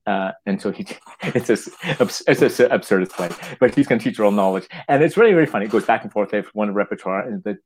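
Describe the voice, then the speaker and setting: Fields: Sex: man. Role: playwright. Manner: halting, with restarts. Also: on the low side, lively intonation, a little mellow, slight background noise, poor audio. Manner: halting, restarts words, acts out quotes. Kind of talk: casual interview talk.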